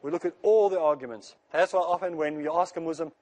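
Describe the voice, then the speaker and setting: A man with a fairly high voice delivers a religious lecture at a rushing pace. He is earnest and reassuring, and stacks repeated phrases to drive each point home. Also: darkish tone. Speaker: Islamic speaker.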